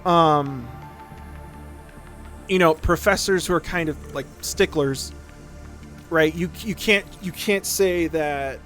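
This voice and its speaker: Here a man with a somewhat high, slightly bright voice streams a game and chats about music theory. His explanation meanders, words get repeated, and "right?" comes up constantly.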